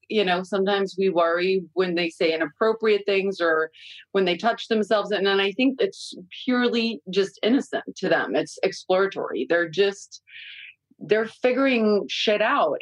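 A middle-aged woman appears as a guest on a podcast, talking casually and candidly about raising her young kids and swearing freely. Her voice sits in the mid range, and the audio is poor, though there's no echo.

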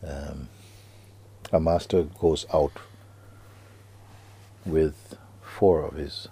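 Man giving a spiritual talk, really low dark voice, kinda husky, hushed then suddenly emphatic. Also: steady tone. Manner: slow, hushed delivery with sudden emphatic rises. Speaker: spiritual teacher.

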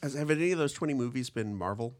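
Animated male panelist, dry wit, blunt comic asides. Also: mid-range voice, quick pace. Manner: wry, joking, blunt. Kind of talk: casual chat.

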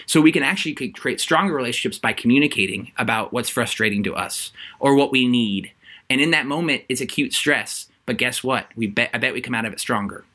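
A man's voice: mid-range voice, brisk, sharp tone. A man, an author and interview guest, explaining his ideas earnestly, often restarting his sentences with fillers. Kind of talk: conversational interview.

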